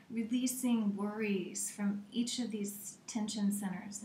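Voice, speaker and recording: A woman teaching a guided meditation in a slow, gentle way, often slipping into a soft whisper. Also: medium pitch, fairly even intonation, echoey room, a little hiss or hum.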